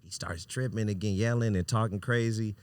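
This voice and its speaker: A man hosting a podcast, telling a long story in a casual, animated way, swearing freely and acting out what people said. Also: on the low side, a little fast, dry recording. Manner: animated, profane, acts out quoted lines. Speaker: podcast host.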